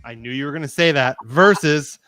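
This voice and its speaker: A man's voice: fairly high pitch, bright, forceful tone, dry recording, soft background music. A man co-hosting a casual podcast stream, steering the chat through a game-character bracket. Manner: steers the talk, quick bursts then trailing off. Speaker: podcast co-host running the bracket.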